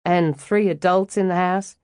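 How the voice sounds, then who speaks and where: Woman playing a young widowed mother, quick-witted, sarcastic, dry close sound. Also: fairly low pitch, steady tone, dry recording, lightly acted. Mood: sardonic. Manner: sharp, sarcastic retorts.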